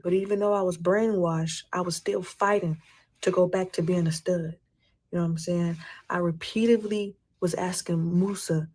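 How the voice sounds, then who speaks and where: A woman's voice: on the low side, darkish tone. A woman, a former group member, recounting her personal story in an interview, often repeating herself and adding "you know what I'm saying".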